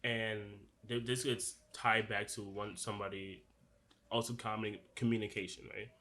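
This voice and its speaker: Young male podcast co-host, accented, earnest and rambling, on the low side. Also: little pitch movement, moderate pace, pushed and bright. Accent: noticeable non-standard accent. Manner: earnest, loose, full of "like" and restarts. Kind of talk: casual podcast discussion.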